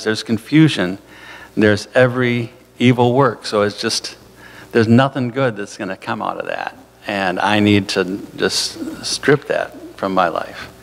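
A man with a low, gravelly voice preaches in an easy, conversational way, trailing into fillers and little asides. His voice carries a long church reverb. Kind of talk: sermon. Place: church sanctuary.

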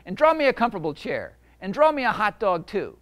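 A man's voice: sits high, big pitch swings, brisk, voice pushed up. A man voicing a rude, hungry male monster that barks orders as he reads a picture book aloud. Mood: demanding. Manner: barking orders loudly.

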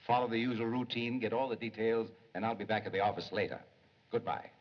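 A man's voice: lowish voice, steady tone, quick pace, a little hiss or hum, natural voice. A man playing an impatient, busy police chief. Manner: impatient, dismissive. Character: brusque, busy male police official. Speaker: police official. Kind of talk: 1930s film acting. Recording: dull 1930s film soundtrack.

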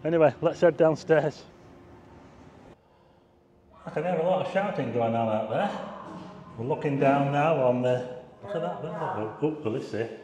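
Out on a car park roof and town streets at night, a vlogger offers chatty, rambling commentary for his viewers, pointing things out along the way. The voice is a little high and dark, at normal speed with long pauses.

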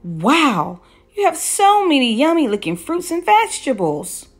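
A woman's voice: high-pitched, wildly swooping pitch, unhurried, soft background music, pitched above the performer's own voice, exaggerated voice. Eager little bear cub, as a woman reads him. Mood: earnest. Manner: earnest, stammers when nervous.

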